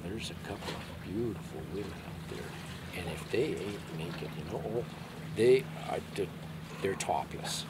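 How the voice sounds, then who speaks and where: A man telling jokes in a folksy storyteller's manner, outdoors by the water. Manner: folksy storyteller, drops his voice low for jokes. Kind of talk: joke telling. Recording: loud noise outdoors.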